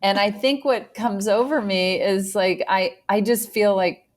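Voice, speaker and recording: A woman co-hosting a podcast, casual chat with a deadpan, understated delivery. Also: medium pitch, measured pace, noisy background. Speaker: podcast co-host.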